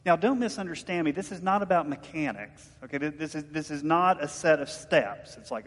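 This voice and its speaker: A man's voice: fairly high pitch, a little fast, hardly any pauses, in a large hall. A man preaching a sermon in a conversational, storytelling way, asking his listeners questions. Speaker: pastor.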